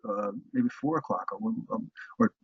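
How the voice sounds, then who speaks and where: A man teaching book-selling phone tactics in a halting lecture, with many restarts. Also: fairly low pitch, expressive, vocal fry, slightly rough, no echo. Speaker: sales trainer. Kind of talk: recorded sales lecture. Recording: muffled, dry lo-fi recording.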